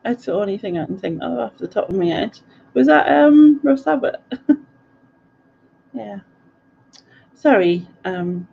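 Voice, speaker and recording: A middle-aged woman from North East England, with a Sunderland accent, hosts a live stream, chatting casually, reading out viewer comments, rambling and giggling along the way. Her voice is lowish and mellow with vocal fry; the highs are cut off and there's slight background noise.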